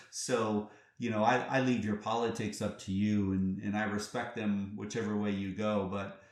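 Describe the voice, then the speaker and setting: A man hosting a reflective solo podcast, talking earnestly and conversationally, often restarting phrases and asking the listener rhetorical questions. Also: fairly low pitch. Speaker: podcast host. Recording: roomy echo.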